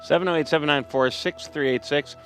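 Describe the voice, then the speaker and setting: A man co-hosting a casual live stream, making goofy deadpan jokes. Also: on the high side, fairly quick, faint music behind. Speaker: co-host. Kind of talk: casual chat.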